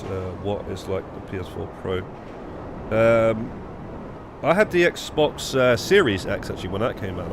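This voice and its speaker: Over some background noise, a young live streamer from the UK talks through his game in loose, casual gaming chat, full of swearing, restarts and rambling. His voice is on the lowish side.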